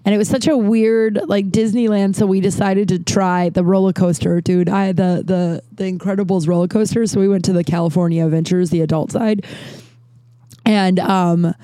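Thirties woman with a warm, mellow tone, chatty monologue host who rambles, self-corrects and curses, recorded dry and close. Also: mid-range voice, fairly even intonation, normal speed, dry recording. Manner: rambling, swears freely, frequent restarts and self-corrections. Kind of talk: casual storytelling monologue.

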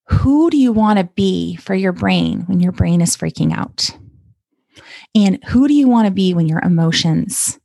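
A woman coach from Canada talks straight into the mic in a gentle, encouraging podcast monologue. Her voice sits at an ordinary middle pitch. The sound is dry and close, with no room echo. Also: gravelly. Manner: warm encouraging coaching talk.

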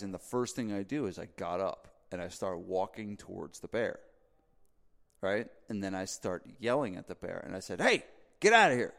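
A podcast host, a man from New Jersey, chatting casually, with fillers and restarts throughout. His voice sits a bit low with a gravelly edge. The room leaves a long reverb tail behind his words. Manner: rambling, filler-heavy, animated when making a point. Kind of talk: casual storytelling chat.

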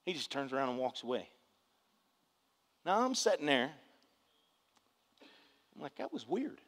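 A man's voice: medium pitch, very animated, a little slow, a bit bright. A man preaching a sermon with personal testimony, emphatic and calling on the congregation for responses. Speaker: pastor. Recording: reverberant hall.

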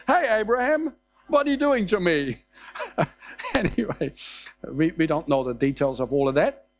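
A man with a high voice preaches in a loose, conversational way, reading scripture and breaking off to explain it. The recording sounds slightly dull and lo-fi. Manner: conversational, reads scripture aloud and breaks off to comment. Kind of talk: sermon.

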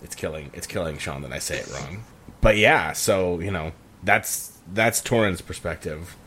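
A man playing a tabletop game, talking in a hesitant, halting way with many restarts. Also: deep voice, expressive, sharp tone, slightly rough. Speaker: player. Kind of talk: casual tabletop play.

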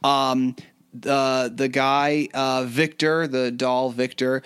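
A man co-hosting a casual chat, talkative and quick to laugh, who spells out words letter by letter. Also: medium pitch, level tone, fairly bright tone, smooth, no echo. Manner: chatty, laughs often, spells words out slowly. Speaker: podcast co-host.

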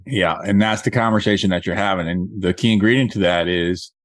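A man coaching a real estate agent one-on-one, working through points methodically and repeating key phrases slowly. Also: sits low, steady tone.

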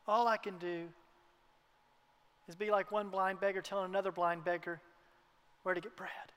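A man preaching a sermon to his congregation in a church, earnest, sometimes dropping to a hushed tone for emphasis. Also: high-pitched, little pitch movement, moderate pace, long pauses, smooth. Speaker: pastor. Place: church hall. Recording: long hall reverb.

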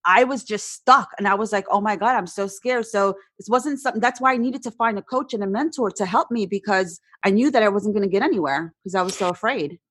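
A woman's voice: mid-range voice, a little fast, few pauses, fairly bright tone, husky, no echo. A woman guest telling candid stories in a casual podcast conversation, often quoting her own thoughts aloud. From New Jersey, USA. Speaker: entrepreneur guest.

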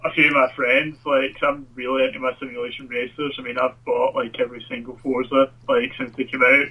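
A man's voice: medium pitch, flat delivery, brisk, sharp tone, husky, distant mic, low-quality recording. An enthusiastic man in a casual gaming chat who laughs often.

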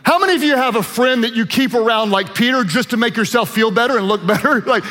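A man preaching a sermon as pastor, animated and playful, acting out quotes with humor. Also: very high-pitched, brisk, hardly any pauses, long reverb tail.

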